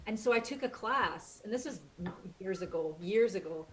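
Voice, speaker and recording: A woman's voice: mid-range voice, normal speed. A woman with a Scottish accent, a voice actor, telling a rambling, chatty story with frequent self-corrections. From Scotland. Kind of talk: casual storytelling.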